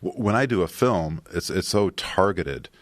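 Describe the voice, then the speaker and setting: A man, a filmmaker guest on a podcast, speaking softly and haltingly with many restarts. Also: sits low, lively intonation, no echo. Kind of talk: casual interview chat.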